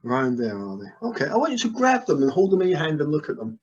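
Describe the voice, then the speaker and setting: Brief: male hypnotist, slightly high voice, soothing repetitive delivery, lo-fi call audio. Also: huge pitch swings, fast talker. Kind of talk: guided hypnosis session. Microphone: video call. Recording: dull lo-fi video call audio.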